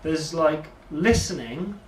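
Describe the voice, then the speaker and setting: A man's voice: a little high, lively intonation, slow pace. A man giving a casual, rambling, self-deprecating demo of electronic music gear. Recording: echoey room, distant mic, loud background noise.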